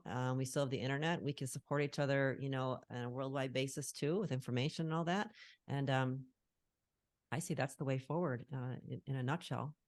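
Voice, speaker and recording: Middle-aged woman, strikingly low voice, dry close sound, earnest and reflective call guest. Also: no room sound. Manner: earnest, reflective, searching for words. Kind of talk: casual conversation on a call. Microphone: call recording.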